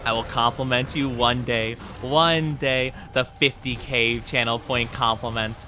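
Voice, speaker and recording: A man streams a game live, chatting casually with viewers in playful, self-deprecating banter. His medium-pitched voice is steady, unhurried, bright and forceful, with a little hiss or hum.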